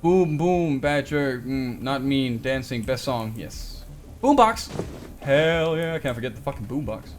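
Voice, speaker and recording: A man's voice: medium pitch, animated, measured pace, faint music behind. A young man streaming a game live, reading item texts aloud with joking asides. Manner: reads item text aloud with jokey asides. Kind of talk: live game playthrough commentary.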